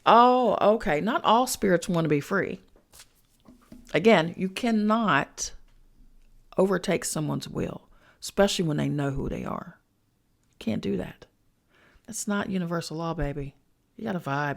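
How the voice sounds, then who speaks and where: A woman with a lowish, expressive voice and some vocal fry talks a little slowly, leaving long pauses. She's a podcast host and spiritual coach telling a personal story to her listeners in a chatty, slangy way, swearing as she goes.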